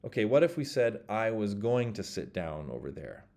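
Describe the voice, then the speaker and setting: Male language teacher, lowish voice, casual and step-by-step, models example phrases slowly for learners. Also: very animated, a little mellow. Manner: explains step by step, models phrases slowly and leaves pauses for practice. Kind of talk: casual spoken language lesson.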